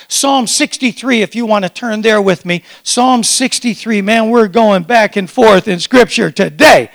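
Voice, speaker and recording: A high-pitched, bright-toned man preaching a sermon as pastor. His voice has a gravelly edge and swings widely in pitch. He talks in an animated, excitable way and keeps his congregation responding. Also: a little slow, hardly any pauses.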